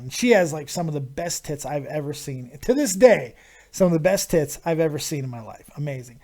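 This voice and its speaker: A man hosting a live stream, telling a crude story in a casual, animated way with constant swearing. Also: fairly high pitch, brisk. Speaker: host of a live viewer Q&A stream.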